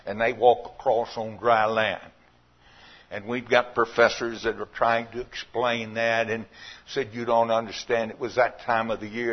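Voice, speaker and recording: A man preaching a sermon, telling folksy stories and rising to loud, emphatic points. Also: fairly low pitch, slightly rough, muffled recording.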